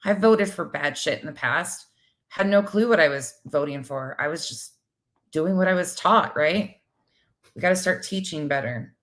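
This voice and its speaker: Middle-aged woman co-host, blunt and animated, slightly low voice, casual livestream chat. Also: moderate pace. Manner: blunt, swears freely, animated. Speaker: co-host of a livestream talk show. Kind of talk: casual livestream chat reading viewer comments.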